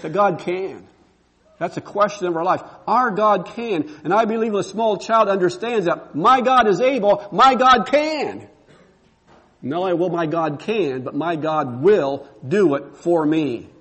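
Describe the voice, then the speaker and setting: A man's voice: sits high, moderate pace. A man pastor preaching a sermon, repeating emphatic rhetorical questions.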